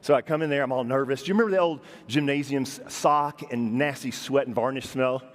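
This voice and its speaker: A man's voice: mid-range voice, brisk. A man giving a storytelling keynote speech to a conference audience, talking to the crowd directly and acting out the people in his stories. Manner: animated, addresses the audience directly and acts out quoted people. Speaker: keynote speaker. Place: large conference hall. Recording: long hall reverb.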